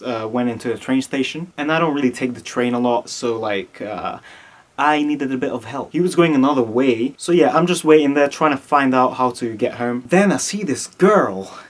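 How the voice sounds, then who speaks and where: A young man from Italy with a slight Italian accent, telling a story to his camera, often breaking into laughter. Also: medium pitch. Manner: giggly, keeps breaking into laughter. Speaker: vlogger.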